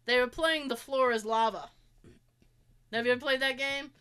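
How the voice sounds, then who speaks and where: A woman in her forties co-hosting a casual chat show, telling animated family stories with plenty of swearing and acted-out quotes. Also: sits high, normal speed, clear, resonant tone. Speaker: podcast co-host.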